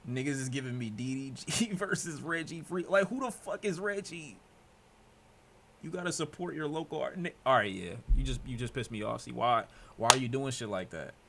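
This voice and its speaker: A young male streamer from Detroit reacts to his chat in loose, profane commentary. He swings between low mutters and sudden loud outbursts in a mid-range voice. A faint hum of noise sits behind him. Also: normal speed, vocal fry. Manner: excitable, swearing, jumps from mutters to loud outbursts.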